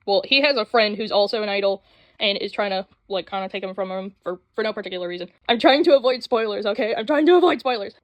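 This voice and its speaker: Excitable young woman, dry close sound. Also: mid-range voice, no room sound. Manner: rambling, excitable, with frequent fillers and quick voice switches. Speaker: anime vlogger. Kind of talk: casual chat. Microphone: phone mic.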